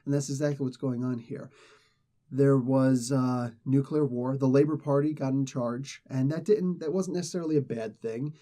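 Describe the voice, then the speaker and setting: Man, comic book reviewer, mellow dark voice, rambling, self-correcting, opinionated. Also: medium pitch, fairly even intonation, normal speed. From not British. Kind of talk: casual spoken review.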